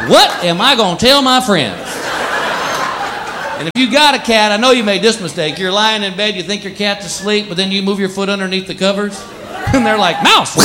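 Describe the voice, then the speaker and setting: A married man doing stand-up about his pets, animated, acting out the animals in squeaky voices. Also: noisy background. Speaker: stand-up comedian. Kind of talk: stand-up routine. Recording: live show with loud audience laughter. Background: audience laughter.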